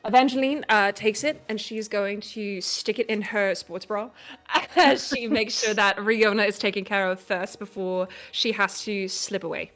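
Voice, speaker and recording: A woman's voice: medium pitch, steady tone, measured pace, fairly bright tone, soft background music. A woman player in a tabletop game, narrating her character's actions casually, with fillers.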